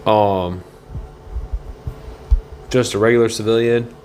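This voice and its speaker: A man chatting casually on a livestream from a motel room, rambling and halting as he reads viewer comments aloud. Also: on the low side, fairly even intonation, a little mellow, a little hiss or hum.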